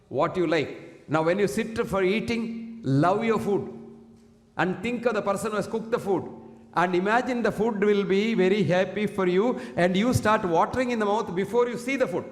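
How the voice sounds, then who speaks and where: A man with an Indian English accent giving a preachy motivational health talk, quoting Sanskrit verses. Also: high voice. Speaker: health speaker. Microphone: single handheld or stand mic. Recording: echoey hall.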